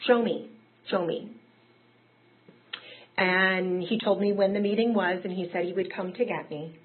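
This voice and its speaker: A woman's voice: mid-range voice, fairly even intonation, unhurried. A woman telling her own recovery story in a candid, conversational way that rises into emotional peaks. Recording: tinny phone-like audio.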